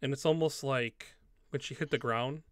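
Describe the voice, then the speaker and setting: A man's voice: mid-range voice, steady tone, moderate pace, dry recording, clean studio sound. A man narrating a tabletop game as game master, in loose, rambling speech full of fillers.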